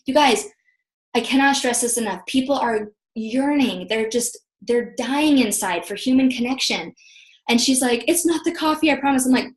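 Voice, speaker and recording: A woman in her thirties leads a motivational training call, her voice pitched a little high. She talks in a chatty, animated way, acting out quotes as she tells stories. The sound carries some echo from the room on the video call. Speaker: team leader giving a training call.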